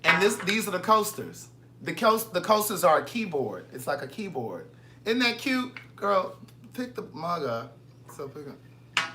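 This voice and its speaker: A man's voice: sits high, big pitch swings, measured pace, background noise. A man hosting a casual live chat, talking in a sassy, teasing way. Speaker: host.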